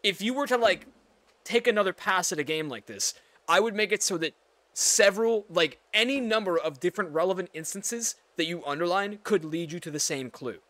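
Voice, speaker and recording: A young man hosting a let's play, chatting excitably and swearing casually as he plays. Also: sits high, a little fast, no echo. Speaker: gaming video host.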